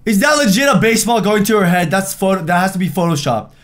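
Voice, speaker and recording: A man's voice: high-pitched, expressive, fast, a bit bright. A young man hosting a reaction video, chatting casually and joking, now and then putting on mocking voices for the people in the photos.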